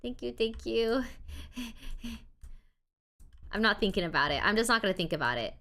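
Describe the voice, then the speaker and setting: Excitable woman streamer, slightly high voice. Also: normal speed. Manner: excitable, swings between loud outbursts and quiet mumbling; playfully defensive toward chat. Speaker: live streamer. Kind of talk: casual live-stream chat.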